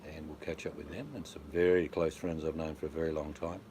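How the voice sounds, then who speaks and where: A rambling, joking man with a very deep voice tells travel stories in a relaxed chat. A faint hiss sits under the recording. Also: brisk. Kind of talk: casual chat.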